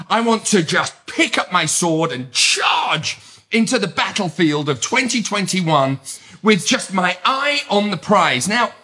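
Upbeat British man, bright high voice. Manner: energetic, upbeat, emphatic. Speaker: podcast host. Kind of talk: motivational podcast monologue.

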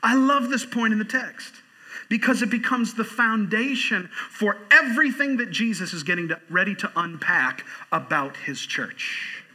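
A man's voice: high voice, animated, normal speed, sharp tone, low-quality recording. A man pastor preaching a sermon in church, repeating phrases for emphasis and reading a quote aloud.

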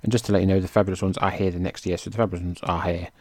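A man's voice: low voice, level tone, racing, darkish tone, dry recording. A man hosting a podcast in a chatty, self-mocking way, now and then tripping over names. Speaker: podcast host. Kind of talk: casual podcast narration.

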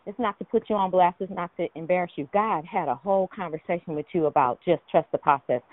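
A woman with a fairly low voice leads a prayer call, talking fast and sounding out of breath. She speaks emphatically and encouragingly in a spirited prayer ministry. The audio is dry, coming through a tinny phone line.

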